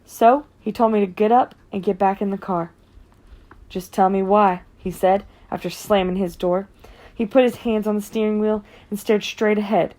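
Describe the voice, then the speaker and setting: A woman's voice: medium pitch, fairly even intonation, moderate pace, warm tone. A woman giving earnest, emotional first-person audiobook narration.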